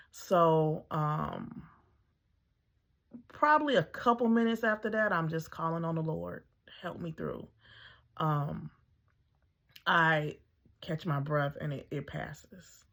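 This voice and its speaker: A woman's voice: sits low, takes it slowly, pauses often, fairly bright tone. A middle-aged woman, a mother, telling her own story in a casual, conversational way, full of ums and acting out her own thoughts.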